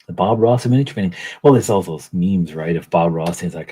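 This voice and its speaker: A middle-aged man talks casually on a livestream, rambling and joking at his own expense. His voice is deep and a little husky. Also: brisk, few pauses, warm tone, rough recording. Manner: rambling, self-deprecating, joking. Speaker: livestream host. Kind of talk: casual chat while painting miniatures.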